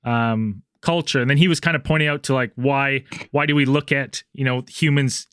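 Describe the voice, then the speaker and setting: A man's voice: medium pitch, fairly even intonation, normal speed, fairly bright tone, clean tone, dry recording, studio quality. A man co-hosting a podcast, retelling ideas in casual chat with many fillers. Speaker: podcast co-host.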